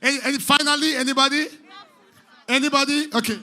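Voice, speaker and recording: A man's voice: very high-pitched, steady tone, a little fast, sharp tone. A man with a Nigerian accent working as master of ceremonies at an indoor party, hyping the crowd with playful, sing-song pidgin banter.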